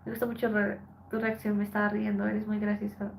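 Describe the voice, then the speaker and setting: A tired woman from Colombia, a Spanish speaker, chatting softly with her live-stream viewers as she reads their messages aloud. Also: medium pitch, completely flat delivery, fast talker, gravelly, a little hiss or hum, poor audio. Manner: soft, subdued, switching between English and Spanish. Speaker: live streamer reading chat. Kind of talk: casual live-stream chat.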